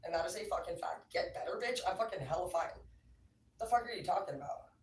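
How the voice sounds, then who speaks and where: A man's voice: sits high, lively intonation, fast, a little hiss or hum. A man doing a livestream tarot reading in a heated, profanity-laced rant, picked up by a distant mic. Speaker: tarot reader. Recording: roomy, distant mic, faint ambience.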